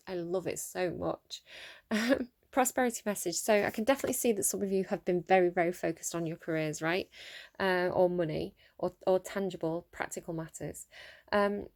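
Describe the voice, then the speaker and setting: Young woman, casual tarot reader, excitable and chatty, reads card texts aloud. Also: fairly low pitch, moderate pace, gravelly.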